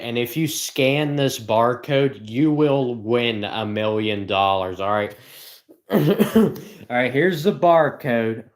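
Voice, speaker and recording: A man rambling sarcastically on a livestream from inside a house, joking in deadpan asides. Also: mid-range voice. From rural United States. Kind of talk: rambling comedic livestream chat. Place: indoors in a house.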